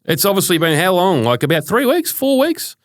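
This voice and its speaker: A man's voice: high-pitched, wildly swooping pitch, brisk, dry recording, clean studio sound. A man with an Australian accent hosting a podcast, upbeat and matey in casual chat. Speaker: podcast host.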